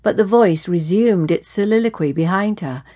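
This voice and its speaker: A woman narrating a suspense audiobook in a steady, measured storytelling manner. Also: medium pitch. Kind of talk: scripted narration.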